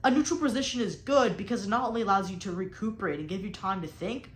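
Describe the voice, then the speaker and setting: Her voice sits in the mid-range and moves at a quick pace, with noticeable reverberation around it. She's a young debate coach teaching speaking technique, hitting key words deliberately and changing her tone with intent, all in an explanatory, emphatic manner.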